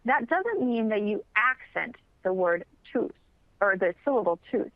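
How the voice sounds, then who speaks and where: Woman teaching chant, lively pitch. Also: unhurried, no room sound, phone-quality sound. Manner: clear, patient explaining, sings brief examples. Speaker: chant instructor. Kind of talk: instructional webinar.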